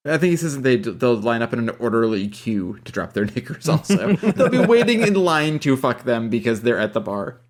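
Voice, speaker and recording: A man's voice: medium pitch, sing-song, brisk, few pauses. A man co-hosting a podcast in loose casual chat, swearing freely and laughing as he reacts to the episode. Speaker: podcast co-host.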